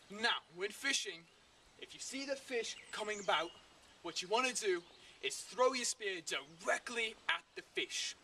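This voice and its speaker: A man hosting a parody survival show outdoors in the woods, with deadpan how-to narration that breaks into comic ranting. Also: high voice, far from the mic. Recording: outdoor recording with clear background noise.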